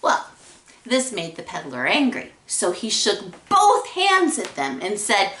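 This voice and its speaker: A woman reading a children's story aloud in an expressive, drawn-out way, recorded in an echoey room. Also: medium pitch, distant mic. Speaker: storybook reader.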